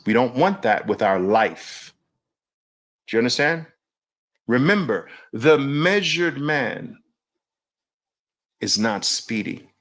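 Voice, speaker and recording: A man's voice: a little high, a bit bright. A man hosting a live online audio room, talking emphatically and mockingly and repeating phrases for effect. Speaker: host.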